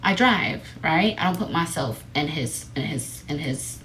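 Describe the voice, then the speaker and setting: A woman chats with her live viewers, her voice leaping high and low as she tells the story. Her tone is bright and sharp, her talk blunt and full of swearing. There is a faint noise in the background. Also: a little slow. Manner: animated, profane, blunt. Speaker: livestreamer. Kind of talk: casual storytelling to a live audience.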